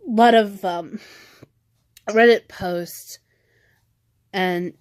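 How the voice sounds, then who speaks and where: Slow-talking frustrated woman ranting. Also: mid-range voice, clear, resonant tone, dry recording. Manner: rambling, frustrated, with frequent restarts and laughs. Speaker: vlogger. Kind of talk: venting rant vlog. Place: home.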